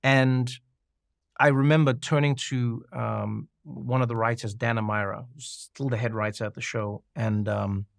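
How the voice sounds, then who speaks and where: Animated male storyteller, dry close sound. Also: mid-range voice, moderate pace, creaky, no echo. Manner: animated, laughs often, repeats and restarts when excited. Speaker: guest. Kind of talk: storytelling in a conversational interview.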